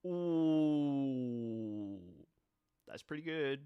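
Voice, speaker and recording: A male streamer with a nasal, cold-stuffed voice, chatting slowly and thoughtfully on a casual live stream. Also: mid-range voice, lively intonation, clear, resonant tone, dry recording, muffled recording. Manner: slow, thoughtful, reads chat aloud. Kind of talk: casual live-stream chat about card games.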